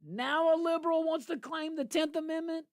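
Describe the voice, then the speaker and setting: A man's voice: very high voice, steady tone, moderate pace, no echo, clean studio sound. A man hosting a political talk show, emphatic and incredulous, bantering and laughing with his co-host.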